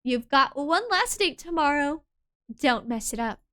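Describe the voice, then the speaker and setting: A woman's voice: high-pitched, expressive, measured pace, a bit bright. A woman voicing a blunt, teasing young female friend in a dating sim, speaking in a wry, matter-of-fact way. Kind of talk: reading a dating sim aloud.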